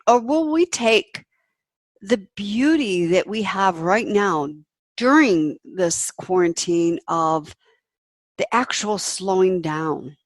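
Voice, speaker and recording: A woman's voice: medium pitch, lively intonation, takes it slowly, no room sound. A middle-aged woman hosting her own show, talking candidly and emphatically in a personal reflective monologue, swearing freely. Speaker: podcast host.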